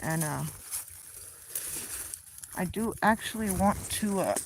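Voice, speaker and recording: A woman keeping pet geese, talking casually to the camera as she walks a pond shore, and breaking into high sing-song baby talk for her animals. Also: animated, slow, low-quality recording. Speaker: goose keeper and video host. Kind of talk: casual vlog narration while walking outdoors. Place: outdoors by a rural pond. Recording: loud outdoor noise around the phone.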